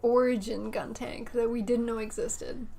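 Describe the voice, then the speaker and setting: A woman's voice: fairly high pitch, flat delivery, moderate pace, gravelly, slight background noise. A woman co-hosting a model-kit channel, chatting casually while her partner paints. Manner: chatty, coos softly to a pet.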